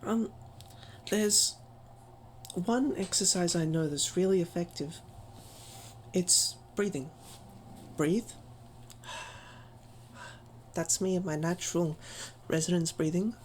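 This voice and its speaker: A woman's voice: lowish voice, slow, pauses often, a little hiss or hum, rough recording. A woman giving a casual voice-training tutorial, chatty and self-deprecating, with frequent ums.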